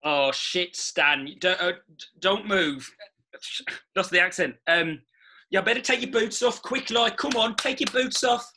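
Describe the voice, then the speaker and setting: A man's voice: high voice, a little slow, sharp tone, exaggerated voice. A man voicing an awkward young son-in-law who talks in a flustered, hesitant, stammering way.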